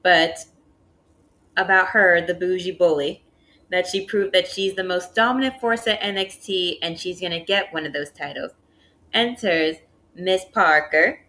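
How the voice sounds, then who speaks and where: A woman co-hosting a casual wrestling review show, recapping segments in a steady, matter-of-fact way. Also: on the low side, measured pace, low-quality recording. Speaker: podcast co-host.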